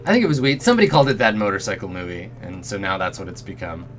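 A man's voice: deep voice, lively intonation, racing, faint music behind. A man streaming a role-playing game, casually commenting in a jokey way, swearing and often muttering under his breath. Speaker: let's play streamer.

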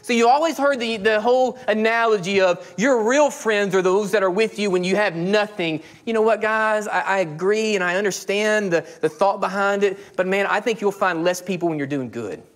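A man in his thirties, a pastor preaching a sermon, animated and acting out quoted dialogue. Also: sits high, moderate pace, few pauses. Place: church sanctuary.

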